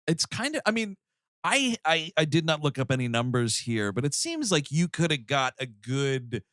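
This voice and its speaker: A man hosting a podcast, chatting casually and rambling through his points with halting restarts. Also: fairly high pitch, big pitch swings, a bit bright, no echo, clean studio sound. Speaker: podcast host. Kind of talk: casual chat.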